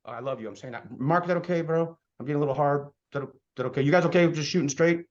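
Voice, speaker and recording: A man with a slightly high voice delivers a blunt, preachy motivational talk to his team, pushing hard and then dropping to a hush. The sound is dull and lo-fi. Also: rapid-fire. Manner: blunt, fired-up, preachy, swings between loud and hushed. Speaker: insurance agency leader speaking to his team.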